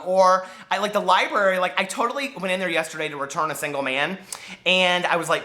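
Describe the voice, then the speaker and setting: A man hosting a casual book vlog at home, chatty and animated, laughing often and drawing out words for dramatic emphasis as he walks between rooms. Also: sits high, brisk. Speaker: book vlogger host. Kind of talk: casual rambling vlog chat.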